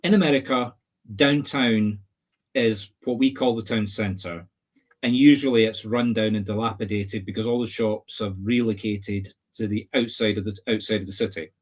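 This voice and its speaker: A man's voice: on the low side, fairly even intonation, moderate pace. A Scottish man hosting a casual chat, explaining at length and teasing his guest. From Scotland. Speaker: host. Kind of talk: casual video-call chat.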